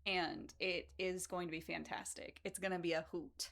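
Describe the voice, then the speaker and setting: A woman's voice: lowish voice, steady tone, moderate pace, gravelly, a bit bright. A woman hosting a charity speedrun stream, chatting in a bubbly, playful way with frequent giggles. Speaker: charity speedrun marathon host. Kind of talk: casual chat.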